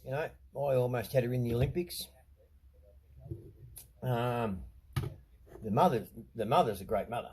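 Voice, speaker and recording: A man's voice: mid-range voice, moderate pace, long pauses, a little mellow, a little hiss or hum, low-quality recording. A middle-aged Australian man ranting into the camera, blunt and sarcastic, swearing a lot. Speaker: vlogger.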